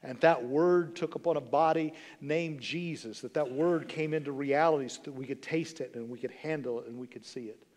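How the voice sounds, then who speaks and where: A pastor in his sixties delivers an emphatic sermon. His voice sits a little high for a man and he leans on repetition and questions to the room. The sound carries a long reverb from the church hall. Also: normal speed, hardly any pauses, a little mellow. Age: 60s. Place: church sanctuary.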